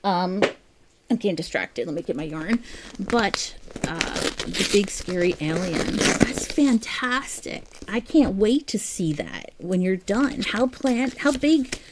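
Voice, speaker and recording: A woman's voice: mid-range voice, lively intonation, slow, noisy background. A woman chatting casually while she crochets on a livestream, reading out viewer comments, chatty and easily amused. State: has the hiccups.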